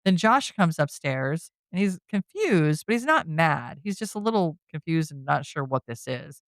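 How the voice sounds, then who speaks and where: With a deep voice that swings widely in pitch, this woman talks at a normal speed, and there's no room sound. She's a podcast host giving a casual, chatty scene-by-scene recap of a horror film, peppered with "you know" and "like."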